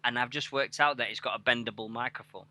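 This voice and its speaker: Sweary man with a very bright voice. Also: medium pitch, fast, dry recording. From England. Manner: sweary, rambling, laughing at himself. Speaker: radio show host. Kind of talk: casual chat on a web radio show. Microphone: headset.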